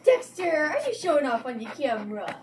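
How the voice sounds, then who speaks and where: A woman's voice: high voice, very animated, brisk, distant mic, a little hiss or hum. A young woman vlogging, cooing at her pet dogs in gushing baby talk with frequent laughs. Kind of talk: casual vlog, talking to pet dogs. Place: indoors in a house.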